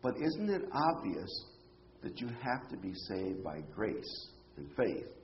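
A man's voice: fairly low pitch, sing-song, slow, lo-fi sound, slight background noise. A man preaching a Bible-teaching sermon, explaining scripture with rhetorical questions and emphatic phrases.

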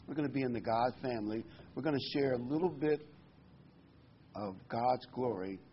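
Older male pastor, easygoing sermon delivery with stumbles; muffled recording, light background noise. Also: mid-range voice. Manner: conversational preaching with hesitant restarts. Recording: dull lo-fi recording with faint noise.

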